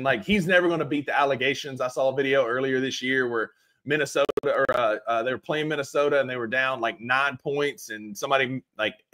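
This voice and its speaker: Bright-voiced young man chatting. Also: mid-range voice. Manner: animated storyteller, repeats "like" often. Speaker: podcast co-host. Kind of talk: casual chat.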